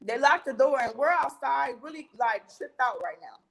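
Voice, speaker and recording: A young woman with a notably high voice tells her story in loose, casual talk as an interview guest. She is animated and jumps into other people's lines as she recounts a heated fight. She swears freely. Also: normal speed, creaky, rough recording.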